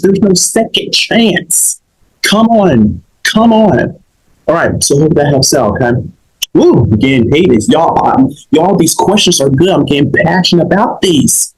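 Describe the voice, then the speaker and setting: A man's voice: a little high, darkish tone, rough recording. A young man hosting a comedic advice show, emphatic and preachy, often checking in with his listeners.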